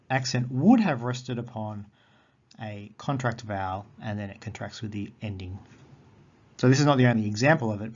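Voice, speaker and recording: A man's voice: lowish voice, darkish tone. Man teaching a recorded grammar lesson. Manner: patient explaining, repeats words slowly. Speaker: Greek teacher. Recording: dull lo-fi audio.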